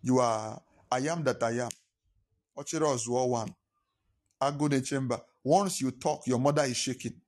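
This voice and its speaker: A man's voice: mid-range voice, normal speed, darkish tone. Man preaching a sermon. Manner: preaching with repetition, acting out phone calls in pidgin. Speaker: pastor.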